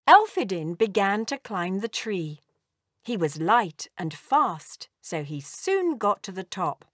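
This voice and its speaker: Woman, children's story reader, gentle, expressive, lively pitch, slow. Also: dry recording, clean studio sound. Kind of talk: children's storybook read-aloud.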